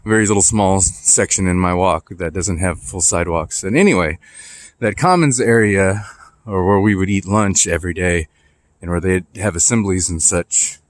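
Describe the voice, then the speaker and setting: A man's voice: sits low, normal speed. A man in his forties vlogging casually while out on a walk through his neighborhood, chatting in a rambling, nostalgic way with plenty of fillers. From Texas. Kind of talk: casual walking vlog. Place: outdoors walking through a neighborhood. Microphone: phone camera held while walking.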